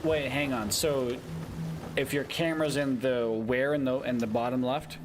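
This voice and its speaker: A man's voice: medium pitch, fairly even intonation, moderate pace, background noise. A man streaming live, talking in a hesitant, self-conscious way with lots of restarts. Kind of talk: casual voice chat.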